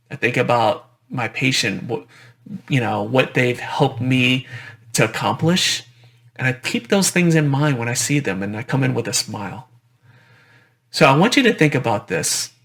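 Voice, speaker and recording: A man with a gravelly, mid-pitched voice presents to fellow dentists in a relaxed, conversational way. He repeats key phrases and checks in with quick "right?" tags. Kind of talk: conference presentation.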